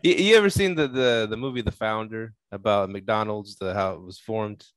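A man hosting a casual podcast, telling stories in a relaxed way with frequent restarts. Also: fairly low pitch, normal speed, no echo. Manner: relaxed storyteller, stumbles and restarts often. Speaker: podcast host.

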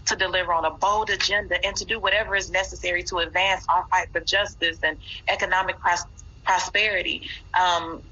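A woman's voice: on the low side, sharp tone, a little hiss or hum. A woman politician answering interview questions in a firm, speech-like delivery. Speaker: politician guest. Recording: dull lo-fi clip with faint ambience.

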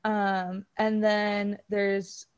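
A woman's voice: medium pitch, level tone, drawn-out words, clear, resonant tone. A young woman co-hosting a podcast, chatting casually and giggling often as she talks. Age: young adult. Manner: giggly, chatty, laughs often between phrases. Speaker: podcast co-host. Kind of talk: casual chat.

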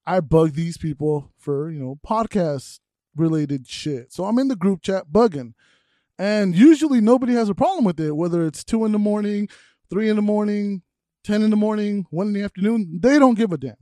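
A man's voice: sits high, moderate pace, warm tone, no echo, studio quality. A man hosting a podcast in casual banter, teasing his co-hosts with crude jokes and frequent laughter. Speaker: podcast host.

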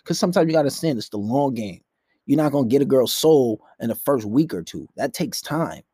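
A man's voice: mid-range voice, lively intonation, a little fast, warm tone, slightly rough, no room sound, studio quality. A young man hosting a podcast, ranting profanely and bluntly about dating in a rambling, casual way from his room at night. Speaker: podcast host. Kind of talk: casual dating-advice rant. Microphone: laptop.

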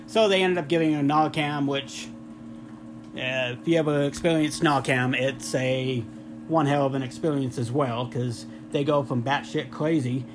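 A man telling a funny story in casual chat, animated and mimicking other voices with high squeals. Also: normal speed, over music. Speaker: podcast guest, husband.

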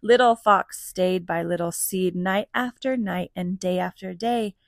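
A woman reading a children's picture book aloud, gentle and animated, pausing to ask questions. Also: lowish voice, gravelly, no room sound, clean studio sound. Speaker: storybook reader for children.

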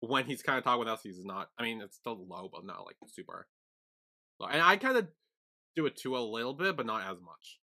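A young man chatting on a podcast, laid-back, with a lively voice that swings up and down. His tone is bright, and he breaks into loud laughter and swears freely. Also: medium pitch, fairly quick. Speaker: podcast co-host. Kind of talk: casual chat.

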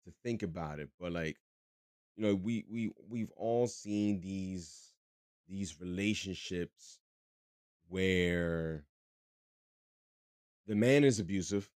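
A man with a very low voice talks his way through a podcast monologue. He swears freely, restarts his sentences and leans on fillers. The recording is dry and close-miked. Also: takes it slowly, long pauses, darkish tone, clear, resonant tone, no echo. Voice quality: rambling, profane, full of fillers and restarts. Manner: joking about a tense topic. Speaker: podcast host. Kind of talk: casual monologue.

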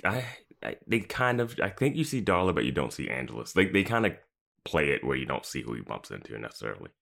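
A man's voice: rumbling low, sing-song, quick pace, gravelly, fairly bright tone. A man co-hosting a podcast, musing and chuckling in casual conversation. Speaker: podcast co-host. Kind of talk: casual chat.

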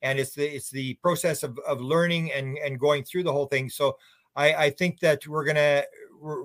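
A man's voice: on the high side, fairly bright tone, no echo. An older man as an author guest on a radio show, answering in a rambling and bluntly opinionated way with many restarts.

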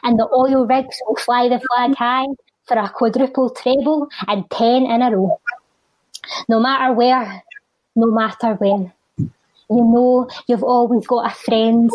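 A Scottish woman with a fairly high voice recites a spoken word poem with a steady rhythm, then slips into quick, chatty talk. She is recorded close and dry, with no room sound around her. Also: dry recording, muffled recording. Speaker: charity guest and spoken word poet.

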